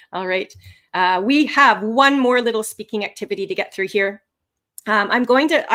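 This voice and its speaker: A woman instructor teaching a live online lesson, animated and expressive, with swooping pitch and frequent laughter. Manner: laughs often. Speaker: language test instructor.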